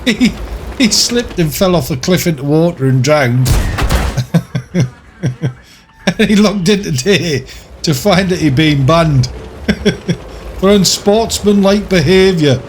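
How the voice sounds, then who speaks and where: A man's voice: sits high, animated, slow, pauses often, a little hiss or hum. Chatty, ranting man gaming. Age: older. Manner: chatty, ranting, laughs often. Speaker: gaming YouTuber. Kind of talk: casual commentary over gameplay.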